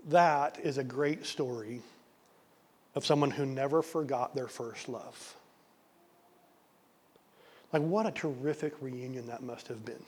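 A male pastor preaching a sermon, telling a story earnestly, sometimes dropping to a soft near-whisper and repeating words for emphasis. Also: mid-range voice, a little slow, long pauses, breathy edge.

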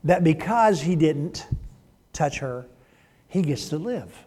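Conversational male Bible teacher, high voice, reverberant hall. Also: expressive, slow, mellow, breathy edge. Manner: chatty, rhetorical questions to listeners.

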